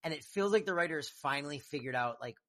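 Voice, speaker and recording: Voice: mid-range voice, lively intonation, fast, a bit bright. A podcast co-host in casual chat, musing over a TV show in a rambling, thoughtful way with lots of fillers. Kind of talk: casual TV episode recap chat.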